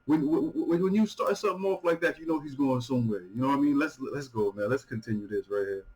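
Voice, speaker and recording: A man hosting a music reaction video, talking casually and excitedly, stumbling over repeated words, swearing freely and laughing often. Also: medium pitch, quick pace, breathy edge, rough recording.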